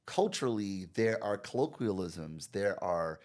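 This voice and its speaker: A middle-aged American man talking as a guest in a casual conversation, animated and laughing often. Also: lowish voice, a little slow. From United States. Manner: animated, laughs often, quotes others in voices.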